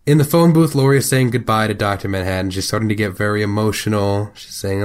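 A man's voice: fairly low pitch, fast, hardly any pauses, clear, resonant tone. A young man co-hosting a podcast, narrating a TV episode's plot in casual chat with wry jokes. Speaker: podcast co-host.

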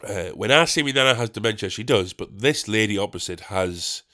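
A man's voice: fairly low pitch, expressive, a little fast, pushed and bright. Rambling, sweary man. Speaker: podcast host and stand-up comedian. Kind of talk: rambling solo podcast chat.

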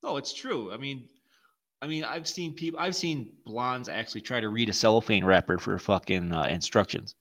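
A man's voice: mid-range voice, normal speed, a bit bright. A man co-hosting a casual podcast, telling crude, profane stories and laughing often. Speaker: podcast co-host. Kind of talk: casual chat.

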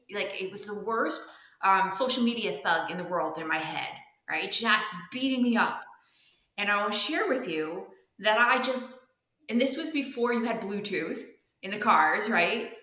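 A woman guest telling personal stories in a candid, animated way, laughing often during the interview. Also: mid-range voice, echoey room, poor audio. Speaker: guest speaker and coach. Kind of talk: casual interview storytelling.

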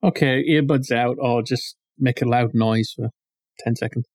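A man's voice: mid-range voice, steady tone, moderate pace, a little mellow, no room sound. A man co-hosting a podcast in casual chat, explaining things in detail and picky about what words mean. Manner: explanatory, pedantic about word meanings. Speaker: podcast co-host.

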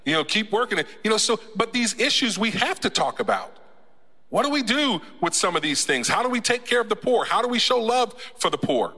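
Joking preacher in a reverberant church. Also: male voice, high voice, sing-song, brisk, bright, forceful tone. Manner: conversational and joking, with laughs and repeated restarts. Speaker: pastor. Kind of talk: sermon. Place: church sanctuary. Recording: church hall with long reverb.

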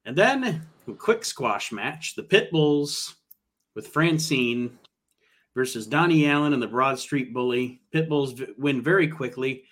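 A man's voice: mid-range voice, animated, unhurried, fairly bright tone. A man hosting a casual podcast, recapping a show with frequent "uh" fillers. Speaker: podcast host.

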